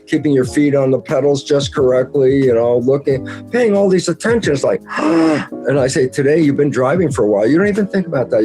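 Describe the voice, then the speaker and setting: A man's voice: mid-range voice, warm tone. A man in an interview, explaining ideas in conversation and acting out his own quoted dialogue with animation. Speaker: interview guest.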